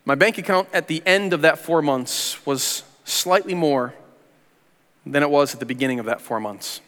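A man's voice: a little high, normal speed, fairly bright tone. A man in his forties, a pastor, telling a personal testimony in an earnest, conversational way with casual slang, in a church sanctuary. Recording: long reverb of a large hall.

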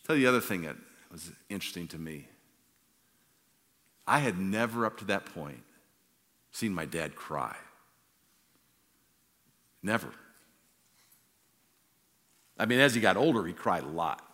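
A pastor in his sixties preaches with a bright, forceful voice that carries a long reverb through a large hall. He tells stories, at times loud and then dropping to a near hush. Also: deep voice, lively intonation, unhurried, pauses often. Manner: storytelling, swings from loud to hushed. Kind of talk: sermon.

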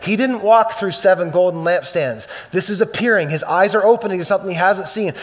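A male pastor preaching a sermon, swinging from loud emphatic bursts to quiet, slow scripture reading. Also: high voice.

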